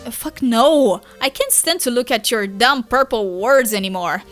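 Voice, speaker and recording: A woman voicing a hot-tempered teenage troll boy who snaps and swears loudly while reading a webcomic aloud. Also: a little high, animated, unhurried, soft background music. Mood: furious.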